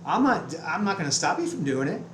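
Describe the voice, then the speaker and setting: A man's voice: on the high side, sing-song, a little fast, roomy sound, a little hiss or hum, low-quality recording. A man telling a heated, profane story about his day in a casual vlog rant, full of restarts. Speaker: vlogger. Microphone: webcam.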